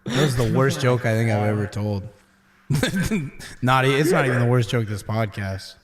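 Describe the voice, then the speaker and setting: A man's voice: mid-range voice, moderate pace. A man co-hosting a casual late-night chat, rambling and self-deprecating, often trailing off mid-thought. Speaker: comedian co-host. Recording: echoey room.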